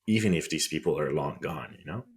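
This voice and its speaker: A man with a French accent and an extremely low, rumbling voice talks through history on a podcast. He explains in a loose, casual way, pausing on ums and restarting hard words. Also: animated, breathy edge. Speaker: podcast co-host.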